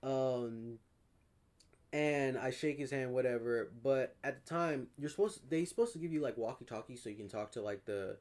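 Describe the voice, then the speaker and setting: A man's voice: medium pitch, moderate pace, darkish tone. A young man co-hosting a podcast, telling a rambling, profane story in a laid-back, casual way. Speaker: podcast co-host.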